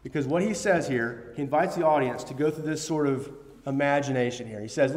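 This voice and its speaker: A man's voice: medium pitch, fairly quick, darkish tone. Male preacher, earnest with emphatic bursts, echoing hall sound. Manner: earnest, quotes scripture, rises to emphatic bursts. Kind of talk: sermon. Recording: long hall reverb.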